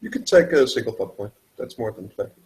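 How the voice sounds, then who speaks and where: A man narrating as game master, halting and restarting often. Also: mid-range voice, very animated, a little mellow, poor audio. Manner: halting, full of fillers and restarts.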